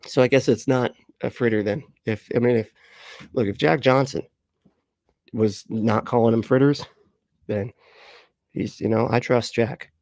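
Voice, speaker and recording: A man's voice: medium pitch, fairly even intonation, a little slow, vocal fry, long pauses, darkish tone, no room sound. Man, late thirties, livestream host, casual rambling chat, frequent laughter, swears, dry close sound. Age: late 30s.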